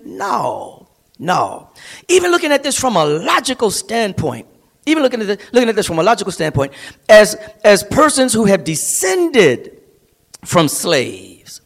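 A man's voice: high-pitched, a bit bright. A male pastor preaching an emphatic sermon to a streamed congregation. He repeats and builds phrases, rising to near-singing on key words. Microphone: streamed service.

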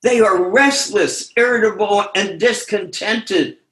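An older man slowly reading his own essay aloud over a video call, measured and deliberate with pauses. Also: sits high, bright, forceful tone, reverberant.

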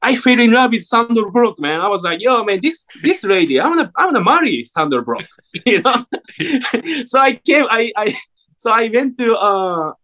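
Japanese-accented male guest, forties, expressive storyteller with a wide pitch swing. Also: moderate pace. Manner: animated storyteller, acts out quoted voices, many fillers. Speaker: actor guest. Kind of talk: casual interview chat.

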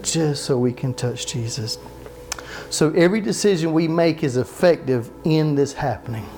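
A pastor giving a sermon to a live congregation, preaching conversationally, asking the people questions, repeating phrases for emphasis and dropping in joking asides. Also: male voice, a little high, animated, moderate pace, warm tone, faint music behind. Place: church sanctuary with live congregation.

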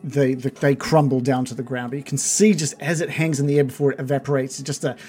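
Game master, male, mid-pitched, halting descriptive narration with lots of ums. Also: steady tone, darkish tone, faint music behind. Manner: hesitant, many fillers, descriptive.

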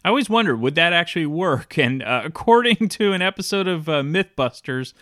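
A man's voice: fairly high pitch, big pitch swings, a little fast, a bit bright, dry recording, studio quality. A man hosting a casual film review, talking in a chatty, enthusiastic way. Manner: chatty, enthusiastic, with frequent restarts. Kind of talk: casual commentary.

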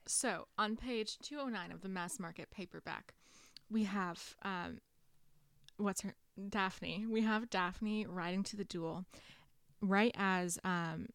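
A young woman co-host recaps a book's plot in a matter-of-fact, casual way. Her voice is mid-pitched and even. The recording is dry and close. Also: takes it slowly, no echo. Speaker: podcast co-host. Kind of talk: casual chat about a book.

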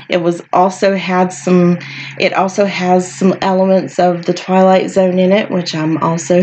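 A woman's voice: lowish voice, a little mellow, slight background noise. A woman hosting her own podcast, sounding tired and groggy, talking frankly in a chatty way with frequent light laughs. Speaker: podcast host. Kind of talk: casual solo podcast talk.

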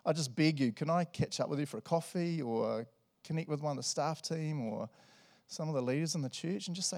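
A male pastor preaching a sermon in a church service, animated and jokey, swinging between loud and soft. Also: on the high side, fairly quick, gravelly.

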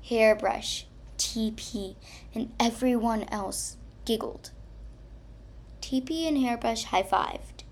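A woman reading a children's story aloud in a slow, expressive way. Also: fairly high pitch. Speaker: narrator.

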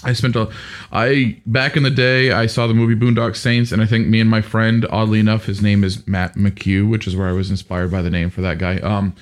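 A man's voice: lowish voice, little pitch movement, brisk. A man who runs a tabletop game, explaining in a rambling, casual podcast chat. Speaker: game master.

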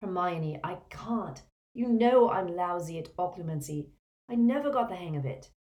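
A woman's voice: lowish voice, animated, moderate pace, darkish tone, natural voice. A woman voicing a tense, stubborn teenage boy wizard who answers defiantly.

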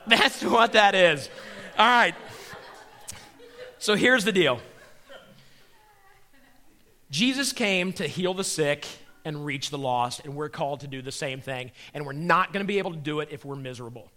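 A middle-aged man giving a comedic faith talk, animated and playful as he tells stories. His voice sits a bit high and sounds bright and forceful. He slips in and out of acted voices as he goes. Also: moderate pace, pauses often. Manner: animated storyteller acting out voices. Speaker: comedian and magician speaker.

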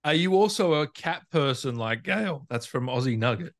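A man's voice: medium pitch, animated, normal speed. Enthusiastic male interview host. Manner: enthusiastic fan, reads out viewer questions. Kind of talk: casual interview chat.

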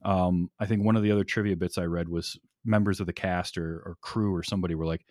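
Low-voiced man chatting about movies. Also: fairly even intonation, quick pace, few pauses, a little mellow, dry recording, clean studio sound. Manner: enthusiastic, laughs often, rambling restarts. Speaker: podcast co-host. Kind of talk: casual movie discussion.

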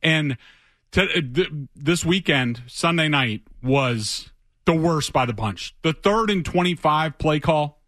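A man's voice: a little high, lively intonation, slow pace, a bit bright, no room sound. A man, a football reporter appearing as a guest in a radio studio, explaining plays in careful detail in a casual way. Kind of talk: sports radio talk.

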